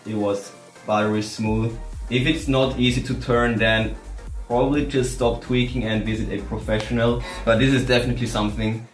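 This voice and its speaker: A man giving a relaxed, chatty guitar setup tutorial at home. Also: mid-range voice, normal speed, reverberant. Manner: relaxed, chatty, laughs at himself. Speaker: guitar vlogger. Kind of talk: casual tutorial.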